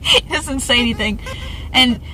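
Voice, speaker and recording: Young woman, casual storytime vlog, giggly, animated, acts out quotes, fairly high voice. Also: a little slow, soft background music, low-quality recording. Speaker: vlogger telling work stories.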